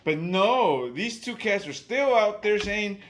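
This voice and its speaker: A man casually telling a wild story, profane and animated, acting out the people he quotes. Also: high voice, takes it slowly, a little hiss or hum.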